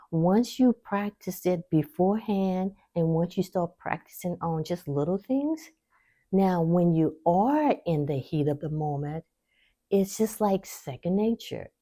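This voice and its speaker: A woman hosting a faith-based wellness talk, speaking straight to her viewers in an encouraging, teaching way and laughing easily. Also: measured pace. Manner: warm encouraging teaching, lively pitch swings, laughs easily. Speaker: host.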